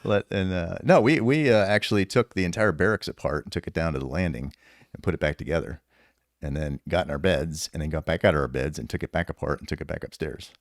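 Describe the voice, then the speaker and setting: A man in his fifties, a retired sergeant major and podcast guest, telling stories casually with an animated, profane manner and lots of laughter. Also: extremely low pitch, quick pace, no room sound, clean studio sound. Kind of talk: casual storytelling.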